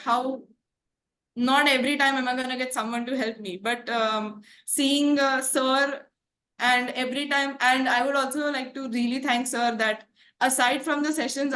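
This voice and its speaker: A woman's voice: high-pitched, fairly bright tone. Earnest young woman sharing her journey. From India. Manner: earnest, thoughtful, frequent fillers and "like". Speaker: coaching course graduate giving a testimonial. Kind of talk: reflective testimonial.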